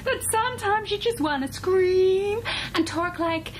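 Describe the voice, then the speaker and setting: A woman putting on an exaggerated silly accent, shrill and sing-song. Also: expressive, measured pace, a little hiss or hum. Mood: hammy. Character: woman doing an over-the-top silly accent, shrieking.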